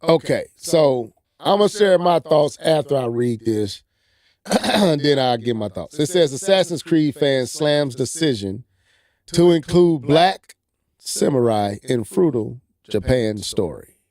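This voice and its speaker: High-voiced man reading gaming news. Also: animated, a little slow, darkish tone. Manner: reads aloud and breaks off with playful asides. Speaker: podcast co-host reading an article. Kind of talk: casual gaming news chat.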